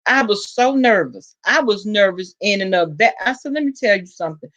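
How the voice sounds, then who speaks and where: A woman's voice: brisk, few pauses, highs cut off. A woman with a Southern US accent telling a gossipy story to her viewers in a casual vlog, acting out the quotes with sudden jumps in her voice. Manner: animated gossip, acts out quotes with big pitch jumps. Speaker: vlogger.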